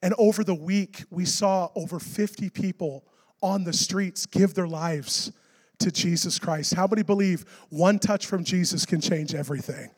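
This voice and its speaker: High-voiced animated male preacher. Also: normal speed, breathy edge. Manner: animated, rising to near-shouts at dramatic moments. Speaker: pastor. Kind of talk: sermon storytelling.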